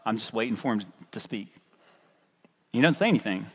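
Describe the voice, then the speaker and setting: Husky pastor preaching, bouncy tone, big reverby church hall. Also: male voice, lowish voice, fairly quick. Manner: lively, storytelling, playful. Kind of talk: sermon. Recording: long reverb of a large hall.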